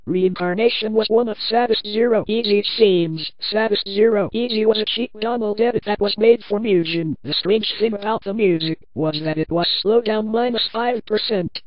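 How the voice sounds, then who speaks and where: A woman's voice: mid-range voice, dry recording, muffled recording. A woman narrating a first-person horror story in a plain, earnest storytelling manner.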